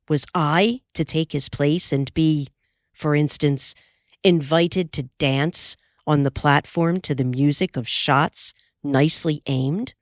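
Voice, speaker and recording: A woman narrating an audiobook, measured and expressive storytelling. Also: deep voice, no room sound, studio quality.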